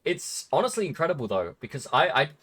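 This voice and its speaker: Young english guy on stream, kinda high voice, gets loud and swears a ton, laughs a lot. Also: very animated, quick pace, slightly rough. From Britain. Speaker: streamer host. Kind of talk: casual interview chat.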